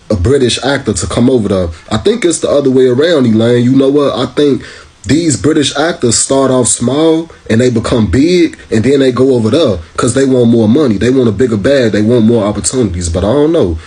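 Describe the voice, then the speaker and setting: American man, mellow husky voice, sarcastic slangy reaction commentary. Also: mid-range voice. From United States. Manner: sarcastic, repeatedly addresses the clip, slangy.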